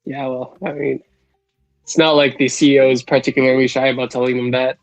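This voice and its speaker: A man hosting a casual live stock chat, with a nasal voice, laughing often and asking quick questions. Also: medium pitch, flat delivery, gravelly, faint music behind. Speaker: host.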